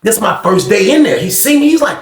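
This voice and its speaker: A man's voice: high voice, fairly quick. A man telling a long story in a casual, slangy way, acting out the people in it. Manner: animated, slangy, acts out the other people in his story. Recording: roomy echo.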